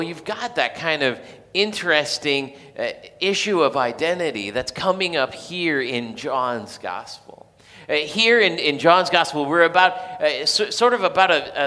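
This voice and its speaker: A man giving a casual, conversational sermon, talking in a halting way with frequent restarts and fillers. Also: high-pitched, sharp tone, long reverb tail. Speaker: preacher.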